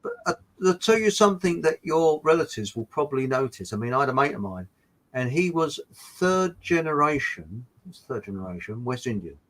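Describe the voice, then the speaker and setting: A man's voice: medium pitch, big pitch swings, brisk, fairly bright tone, rough recording. An English man chatting as a guest, telling rambling anecdotes with frequent restarts. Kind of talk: casual chat.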